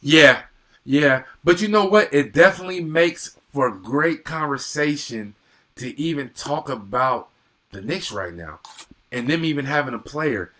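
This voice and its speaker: Bright, slow-talking man calling a game. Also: a little high. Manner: excitable, repeats exclamations, reads out viewer comments. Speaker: live stream sports commentator. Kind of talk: live game commentary and reaction.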